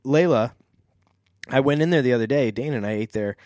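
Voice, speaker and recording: A man reading a book aloud on a podcast and chatting about it wryly, slipping into quick quoted voices. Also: medium pitch, a little mellow, no room sound. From St. Louis. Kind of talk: casual chat and reading aloud.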